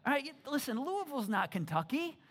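With a high voice and a quick pace, a pastor delivers a playful, conversational sermon. He jumps from loud, excited outbursts to hushed, earnest passages, repeating words and restarting frequently.

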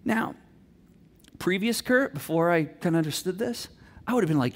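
A middle-aged male pastor delivers a sermon in a notably high voice. He tells stories in an animated way, acting out voices of himself and his family, and swings between loud and soft. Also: a little fast.

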